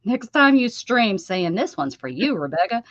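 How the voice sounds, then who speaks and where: A woman's voice: fairly high pitch, big pitch swings, a little slow, no echo, dull audio. A woman in her fifties hosting a craft livestream, chatty and self-teasing, laughing often. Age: 50s. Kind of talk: casual livestream chat. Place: home craft room.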